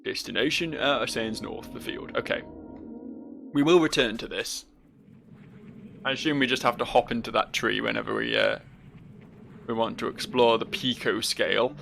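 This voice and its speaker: Gravelly man rambling over gameplay. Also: medium pitch, moderate pace, long pauses, a bit bright, faint music behind. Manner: rambling, self-mocking, swears freely. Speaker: let's play host. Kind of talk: casual game commentary.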